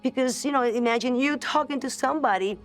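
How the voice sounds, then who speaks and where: A woman's voice: sits high, quick pace. A woman earnestly recounting a personal ghost story to the camera, searching for words and repeating phrases as she goes. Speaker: celebrity guest telling a ghost story. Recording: voice over music score.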